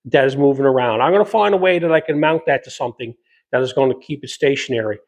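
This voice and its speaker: A man's voice: mid-range voice, fast talker. A man with a Newfoundland accent, hosting a fabrication channel, chatting casually and rambling from his garage workshop while he answers viewer questions. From Newfoundland, Canada. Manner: rambling, homespun, with dialect verb forms. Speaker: metal fabrication channel host.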